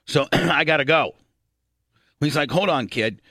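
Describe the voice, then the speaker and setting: A middle-aged man from Indiana hosting a radio talk show, telling a long story, swearing freely and clearing his throat often. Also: on the high side, unhurried, sharp tone, no room sound, clean studio sound.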